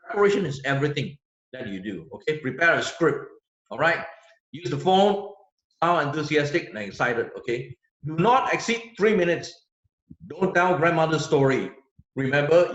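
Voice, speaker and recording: A man's voice: mid-range voice, a bit bright. Man lecturing in an echoey room. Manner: emphatic, repeats words, tag questions like "okay?". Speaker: business trainer. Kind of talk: sales training lecture. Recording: echoey room, dull lo-fi sound.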